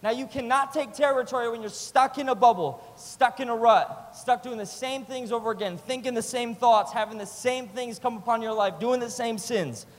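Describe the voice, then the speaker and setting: Passionate preacher in a reverberant hall. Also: male voice, extremely high pitch, normal speed, few pauses. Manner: passionate, swings between loud urging and quiet intimacy; repetitive rhythmic phrasing. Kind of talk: sermon.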